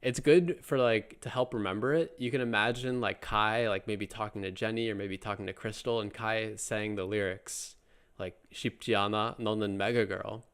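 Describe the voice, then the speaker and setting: A man with a smooth, clear voice teaches a language lesson in a relaxed, chatty way. He jokes along and fills his talk with fillers and little restarts, sitting a bit low in pitch. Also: moderate pace. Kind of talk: casual spoken lesson.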